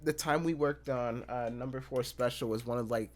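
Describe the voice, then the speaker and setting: A young man hosting a casual chat, halting and full of fillers and restarts. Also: mid-range voice, steady tone. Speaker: host.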